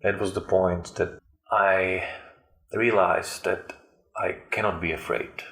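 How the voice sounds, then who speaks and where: Deep, flat-voiced man telling his story. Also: reverberant. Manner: halting, with frequent fillers and restarts. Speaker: interview guest. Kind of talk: personal storytelling.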